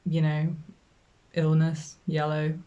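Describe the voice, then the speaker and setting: A woman's voice: low voice, completely flat delivery, takes it slowly, warm tone, lo-fi sound. A woman co-hosting a casual film review from home, talking frankly and chattily.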